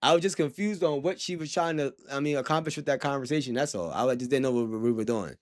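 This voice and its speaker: A man's voice: mid-range voice, fast. A young man talking casually to his livestream chat, rambling with lots of slang and frequent laughter.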